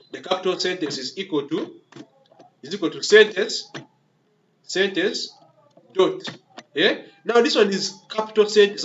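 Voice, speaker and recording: A man's voice: fairly high pitch, fairly bright tone. A man teaching a coding lesson, talking through each step as he types, repeating words and checking in with "okay?" and "yeah?" again and again. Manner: talks through typing step by step, restarts words. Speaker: coding instructor. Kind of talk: screen-recorded coding tutorial. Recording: dull lo-fi recording with faint hiss.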